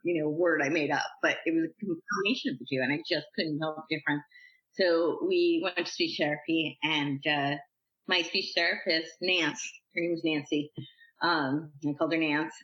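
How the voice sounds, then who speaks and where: A woman guest on a podcast, telling stories from her life in a chatty, animated way, acting out what people said. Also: fairly low pitch. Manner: chatty, animated, uses "like" a lot and acts out quotes. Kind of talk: casual storytelling interview. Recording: echoey room, slightly dull sound.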